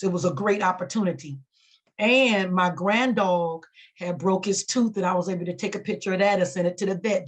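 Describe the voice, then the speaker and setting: A chatty woman with a drawl joins a webinar over a video call. She talks with open enthusiasm and restarts her sentences here and there. Her pitch sits in the middle of the usual range. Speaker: oral health worker on a webinar. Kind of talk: unscripted webinar talk.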